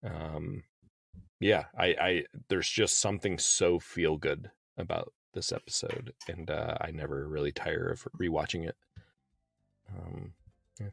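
A man's voice: sits low, fairly even intonation, a little slow, creaky, a bit bright, slightly rough, no echo, studio quality. A man co-hosting a podcast, chatting in an upbeat, casual way. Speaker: podcast co-host.

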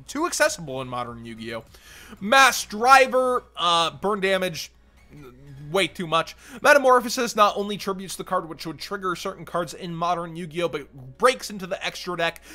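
A man hosting a card game channel, giving quick blunt verdicts in casual commentary while his voice is going. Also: high-pitched, bright, forceful tone. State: losing his voice.

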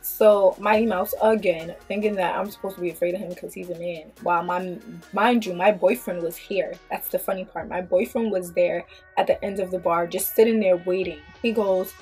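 A woman vlogger who tells a story in an animated, blunt way, with plenty of swearing. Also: lowish voice, normal speed, husky, faint music behind. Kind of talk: storytime vlog.

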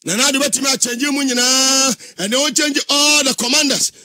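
A man's voice: extremely high pitch, fairly even intonation, fairly quick, bright, forceful tone. A Ghanaian man giving impassioned political talk in a fervent, preaching manner with sing-song emphasis. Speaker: political commentator.

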